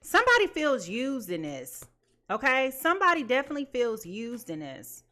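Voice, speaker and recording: Woman, tarot reader, high voice, bright tone, chatty, repeats herself. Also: huge pitch swings, normal speed. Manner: chatty, laughs often, repeats phrases. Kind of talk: live tarot reading, casual chat.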